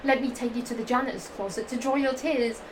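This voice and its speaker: A woman's voice: on the high side, fast talker, noisy background, close to an everyday voice. A woman doing a crude, creepy male teacher. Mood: gruff.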